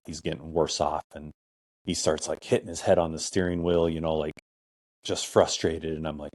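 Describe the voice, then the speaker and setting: A man's voice: extremely low pitch, little pitch movement, brisk, darkish tone, no echo. A middle-aged man hosting a podcast, telling a personal story in a casual, rambling way full of "I'm like" and "or whatever". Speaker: podcast host.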